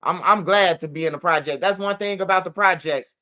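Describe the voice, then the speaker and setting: Woman ranting on her stream, bright sharp voice, cusses a lot and repeats herself. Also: on the low side, brisk, highs cut off. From Chicago. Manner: profane, repetitive, animated storytelling. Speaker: channel host. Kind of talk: casual livestream commentary.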